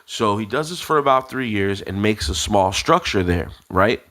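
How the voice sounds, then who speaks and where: A man's voice: lowish voice, animated, normal speed, fairly bright tone. A man co-hosting a podcast, telling a story casually with many fillers and restarts. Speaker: podcast co-host.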